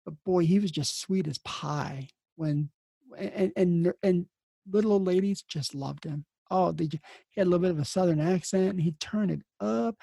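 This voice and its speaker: A man telling stories from his nursing career in a casual, rambling way, restarting his sentences again and again. His voice is low-toned, mellow and gravelly with a husky edge, recorded dry and close. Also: fairly even intonation, brisk, no echo. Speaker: podcast host and emergency nurse. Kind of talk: casual storytelling.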